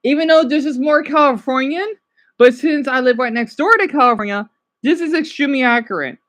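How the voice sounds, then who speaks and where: An American-accented woman streams herself reacting to videos, chatting with viewers in a rambling, excitable way. Her voice sits high and her delivery is brisk.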